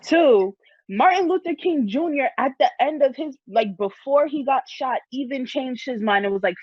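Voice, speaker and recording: A woman's voice: high voice, lively intonation, moderate pace, slightly rough, no echo, dull audio. A young woman in a heated casual discussion, ranting fiercely with lots of swearing. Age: young adult. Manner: fiery, profane, ranting.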